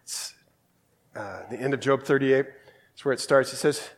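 A man's voice: medium pitch, moderate pace, pauses often. A man from Australia giving a casual, conversational sermon and reading scripture aloud. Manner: conversational, acts out quoted voices, reads scripture aloud. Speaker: preacher.

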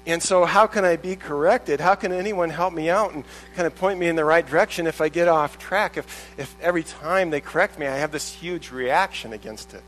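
A man preaches a sermon in a loose, conversational way, often restarting his sentences and acting out the voices of the people he quotes. His voice sits a little on the high side for a man. A faint hum runs under the recording. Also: a little fast, few pauses, fairly bright tone, low-quality recording. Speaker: pastor.

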